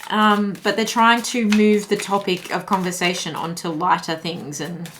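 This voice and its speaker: A woman's voice: lowish voice, little pitch movement, moderate pace, a bit bright, slight background noise. A woman giving a tarot reading to her viewers, chatty and thinking aloud, with lots of fillers and restarts. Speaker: tarot reader. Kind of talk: intuitive tarot reading to camera.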